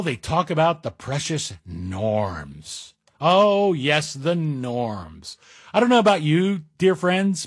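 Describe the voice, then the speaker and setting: A man's voice: a little high, husky, dry recording, clean studio sound. A middle-aged man guest hosting a talk radio show, speaking in a wry, self-deprecating monologue with asides. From Greek heritage. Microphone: studio mic.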